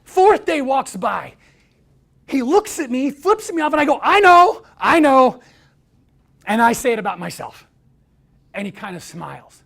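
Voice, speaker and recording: A man telling a story to an audience, acting out the quoted voices with lively energy. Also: extremely high pitch, normal speed, gravelly, slightly rough. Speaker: speaker.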